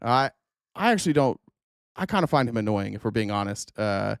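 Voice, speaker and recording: A man's voice: on the low side, very animated, a little fast, creaky, smooth, no echo, clean studio sound. A man hosting a political commentary stream, talking casually with many fillers, restarts and swearing.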